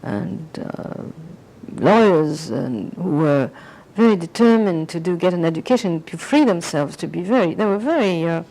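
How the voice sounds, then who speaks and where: A woman's voice: lowish voice, lively intonation, moderate pace, dark tone, rough recording. An older woman being interviewed, reminiscing in a rambling way and slipping into French phrases. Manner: rambling, anecdotal, slips into French.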